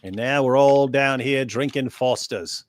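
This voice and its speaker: A man's voice: medium pitch, a little slow, lightly acted. A man voicing a boastful, beer-drinking Australian commenter with an overdone, unconvincing put-on Australian accent.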